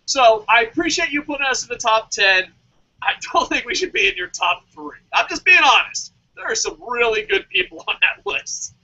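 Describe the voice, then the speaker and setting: A man co-hosting a casual podcast, excitable and swearing often, with mock-dramatic outbursts. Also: very high voice. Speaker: podcast co-host. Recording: dull lo-fi podcast audio.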